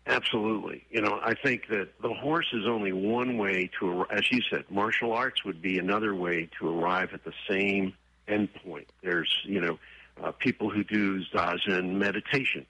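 A man being interviewed, telling stories and acting out quoted voices with husky tone. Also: deep voice, steady tone, moderate pace, pushed and bright, dry recording, poor audio. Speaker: guest, horse trainer and author. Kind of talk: conversational interview storytelling.

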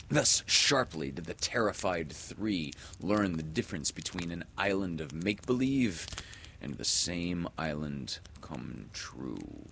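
A man narrating a children's story aloud in an expressive, dramatic way. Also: low voice, unhurried, vocal fry, a little hiss or hum. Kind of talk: audiobook storytelling.

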